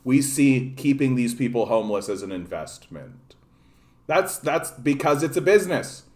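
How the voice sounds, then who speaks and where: A man from Canada hosts a casual political livestream, his voice sitting at an ordinary middle pitch. He rants with plenty of profanity and keeps turning aside to greet viewers in the chat. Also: expressive, normal speed, a little mellow.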